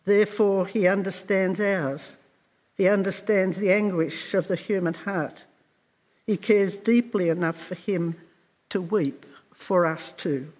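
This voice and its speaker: A man preaching a sermon in a slow, earnest and reflective way, with measured pauses. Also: high voice, in a large hall.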